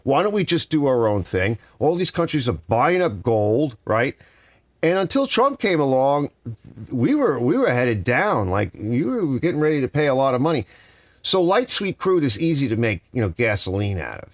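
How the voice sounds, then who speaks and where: A man's voice: mid-range voice, sing-song, normal speed, no room sound. A man in his sixties ranting casually and sarcastically on a live stream from his home garage workshop. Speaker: garage channel host.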